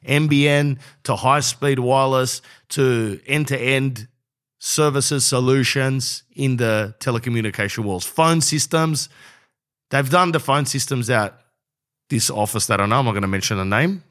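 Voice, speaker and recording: A man's voice: medium pitch, unhurried, fairly bright tone. A young man with an Australian accent, hosting a podcast in a brash, rambling, jokey monologue that runs into an ad read. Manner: rambling, brash and jokey, says bro a lot. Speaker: podcast host.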